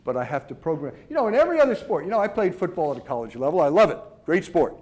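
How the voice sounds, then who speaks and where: A man with a high voice teaching the mental side of tennis. He talks emphatically, answers his own rhetorical questions and stumbles into repeated words as he restarts. He sounds middle-aged. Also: big pitch swings, rapid-fire, darkish tone, a little hiss or hum. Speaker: tennis coach. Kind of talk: instructional talk on mental game.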